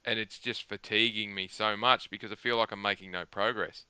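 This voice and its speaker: A man's voice: fairly low pitch, steady tone, fairly quick, pushed and bright, clear, resonant tone, no room sound. A man talking at length on a gaming podcast, rambling and emphatic, restarting his sentences often. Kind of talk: casual chat.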